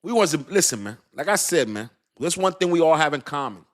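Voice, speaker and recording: A man hosting a casual livestream, talking in an animated, slangy way, laughing often and calling out to his chat. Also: a little high, fairly quick. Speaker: crypto livestream host.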